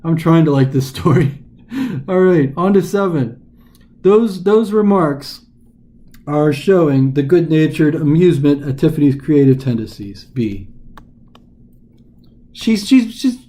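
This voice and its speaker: A man's voice: on the high side, expressive, measured pace, long pauses, mellow. A man tutoring as a test prep teacher in a casual recorded lesson, talking informally and dramatizing the text as he explains it.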